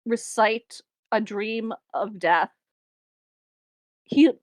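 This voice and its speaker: A woman's voice: on the high side, dry recording. A young woman co-hosting a podcast, casually recapping a film with wry asides and frequent laughter. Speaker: podcast co-host.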